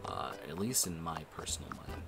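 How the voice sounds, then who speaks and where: A man's voice: rumbling low, big pitch swings, moderate pace, vocal fry, heavy background noise. A man giving casual, rambling gameplay commentary, with lots of fillers and swearing. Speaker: gaming video creator. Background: background music.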